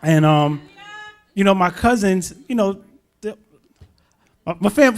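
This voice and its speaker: Young New man, testimony at church, slangy, higher-pitched, building to emphatic. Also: a little slow, long pauses. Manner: casual slangy storytelling, grows animated and emphatic. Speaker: church member giving testimony. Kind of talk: spoken testimony.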